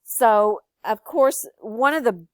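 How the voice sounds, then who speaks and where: An older woman, teaching students in a gentle, encouraging way. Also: fairly high pitch, lively intonation, takes it slowly, no echo. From Texas. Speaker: educator. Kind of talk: friendly recorded lesson for students.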